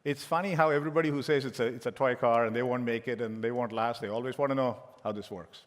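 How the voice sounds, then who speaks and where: A man's voice: medium pitch, fairly even intonation, fast. A middle-aged man giving a conference keynote as a tech executive, telling joking anecdotes with frequent restarts. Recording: long hall reverb.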